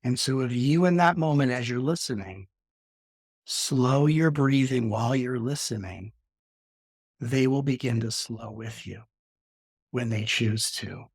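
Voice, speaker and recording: Man teaching calmly, slightly husky voice. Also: dry recording, clean studio sound. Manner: slows down and softens to demonstrate calm breathing; acts out quoted arguments with sudden rises in pitch. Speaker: spiritual teacher, interview guest. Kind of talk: reflective teaching talk.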